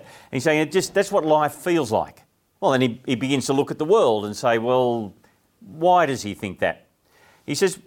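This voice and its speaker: A middle-aged Australian man giving a conversational sermon, chatty and asking his listeners questions as he explains a text. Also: mid-range voice. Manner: chatty, asks the audience questions, frequent restarts. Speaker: preacher.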